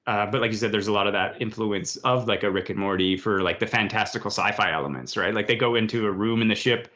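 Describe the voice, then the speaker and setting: A man's voice: lowish voice, quick pace. Rambling podcast host man, lo-fi. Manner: rambling, animated retelling with quoted voices. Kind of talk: casual chat. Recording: dull lo-fi podcast audio.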